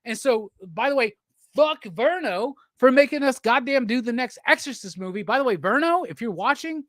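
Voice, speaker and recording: A man's voice: extremely high pitch, very animated, normal speed, a bit bright, dry recording, clean studio sound. A man hosting a casual livestream chat, drunk, profane and teasing as he rambles. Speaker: livestream host.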